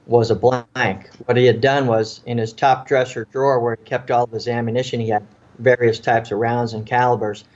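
A man in an interview, recounting his own story in an earnest, vivid way and acting out what people said. His voice sits at a middle pitch. The recording sounds slightly dull and muffled. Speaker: interview guest, former police officer.

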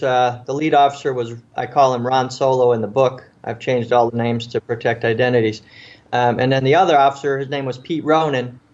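In a mid-range voice with the highs cut off, a man who is both a police officer and an author tells a tense story during an interview. He's vivid, performs the voices he quotes, and frequently restarts and repeats words.

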